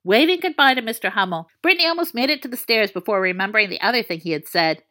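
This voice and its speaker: Woman, story narrator, playful expressive reading, bright tone, lively pitch. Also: quick pace.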